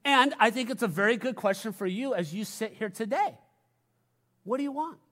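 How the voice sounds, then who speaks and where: A man with a notably high voice preaches to his congregation in a church. His delivery is conversational, and he circles back to repeat key phrases. He drops playful asides along the way. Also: moderate pace, fairly bright tone. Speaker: pastor. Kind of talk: sermon. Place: church sanctuary.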